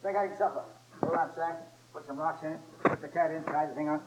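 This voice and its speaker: A man in his seventies preaching a sermon in a folksy, joking way, telling stories and building up to loud exhortation. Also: a little high, steady tone, fast talker, very noisy. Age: 70s.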